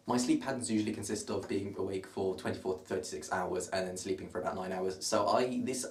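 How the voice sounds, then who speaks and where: A twenty-year-old vlogger from Surrey, southern English in accent and on the low side in pitch, delivers a self-mocking, rambling monologue to camera. The recording comes from a distant camera in his roomy bedroom.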